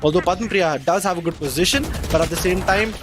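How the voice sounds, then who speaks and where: A man doing play-by-play commentary on an esports match, getting excited and loud on big plays. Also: high-pitched, fast talker, slight background noise. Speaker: esports caster.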